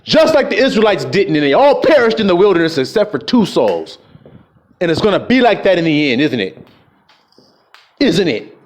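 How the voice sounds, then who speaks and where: A man's voice: high-pitched, big pitch swings, brisk. A man delivering an angry, profane street sermon, scolding his listeners and mocking the voices of people he quotes. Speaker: preacher.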